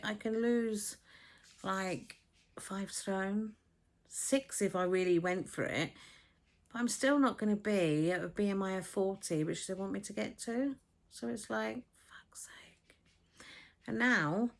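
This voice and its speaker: Blunt, chatty woman in her fifties. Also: medium pitch. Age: 50s. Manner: blunt and frank, swears freely, acts out conversations. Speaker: vlogger. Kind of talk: casual chatty vlog. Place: home, with a dog barking next door. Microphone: camera on a tripod.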